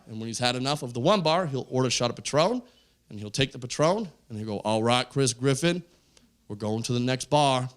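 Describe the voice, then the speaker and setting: A man in his forties from Canada, performing stand-up on stage, telling stories animatedly and jumping into loud, high character voices. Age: 40s. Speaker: stand-up comedian. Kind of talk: stand-up storytelling. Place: stage of a comedy show.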